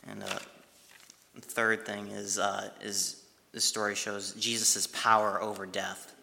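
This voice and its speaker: A man retelling a Bible passage and reflecting on it in a devotional talk, speaking haltingly with pauses and restarts. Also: lowish voice, monotone, vocal fry, pushed and bright. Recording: long hall reverb.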